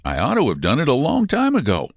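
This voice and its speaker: A man's voice: medium pitch, wildly swooping pitch, quick pace, vocal fry, dry recording, clean studio sound, pitched above the performer's own voice, exaggerated voice. A man voicing a cold-blooded young male outlaw who speaks in a mild drawl, in a storybook reading. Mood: grim, brooding. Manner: soft drawling menace.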